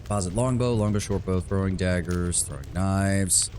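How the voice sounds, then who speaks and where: A man's voice: deep voice, normal speed, darkish tone, a little hiss or hum. A man streaming a game, talking through it in a rambling, profane, self-mocking way. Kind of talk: live game commentary.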